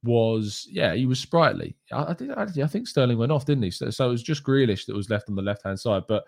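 A man hosting a football show from home, reading viewer questions and talking in a subdued, low register with plenty of casual fillers. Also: expressive, a little fast, creaky, no room sound, studio quality. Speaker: football podcast host. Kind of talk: live-stream chat about football, reading viewer questions.

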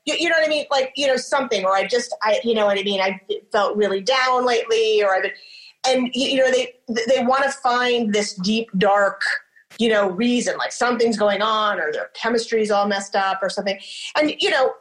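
Chatty woman therapist, slightly high voice. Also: fairly quick, fairly bright tone, rough recording. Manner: conversational, frequent "you know what I mean". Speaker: therapist and host. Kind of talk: casual chat.

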